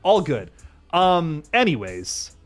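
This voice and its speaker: This young adult streamer has a voice on the high side, sing-song and slow. Hosting a live horror stream, he talks in a laid-back way, cursing often and restarting his sentences, over faint background music.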